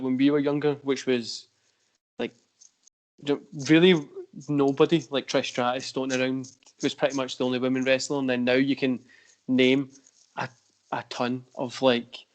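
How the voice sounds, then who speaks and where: A man hosting a casual podcast, talking in rambling sentences full of fillers. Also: medium pitch. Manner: rambling, heavy use of fillers. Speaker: podcast host. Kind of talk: casual chat.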